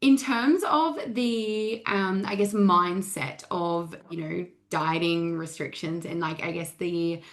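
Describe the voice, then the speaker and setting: A woman's voice: on the low side, slow, hardly any pauses. A young woman hosting a podcast interview, chatty and full of fillers, laughing easily and swearing casually. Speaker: podcast host and weight loss coach.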